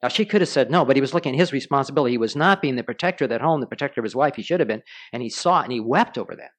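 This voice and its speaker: A man's voice: mid-range voice, animated, racing, fairly bright tone. Storytelling man preaching a sermon. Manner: storytelling preacher, asks the congregation questions. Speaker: pastor.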